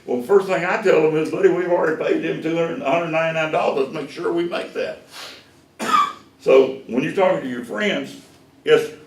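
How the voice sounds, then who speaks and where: A man's voice: on the high side, a little fast. A man, running a sales class as the owner of a car dealership and telling stories that act out the dialogue. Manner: folksy, animated storyteller who acts out dialogue. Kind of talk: storytelling lecture to a class. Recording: echoey room, voice from far off.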